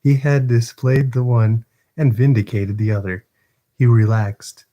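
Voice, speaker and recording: A man's voice: medium pitch, steady tone, unhurried, warm tone, lo-fi sound. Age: adult. Style: chatty man streaming a book reading. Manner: laughs often, chatty, stumbles over words. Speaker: livestream host reading a novel aloud. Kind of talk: casual live-stream chat and book reading.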